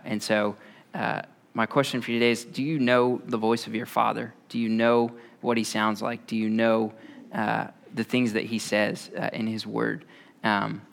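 A man in his thirties giving a conversational sermon, relaxed and often pausing on "uh" between thoughts. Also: fairly low pitch, vocal fry. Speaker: preacher.

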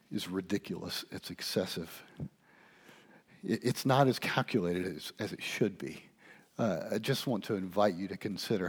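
A man preaching a sermon, swinging between quiet, intimate passages and loud, animated storytelling. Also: sits low, husky.

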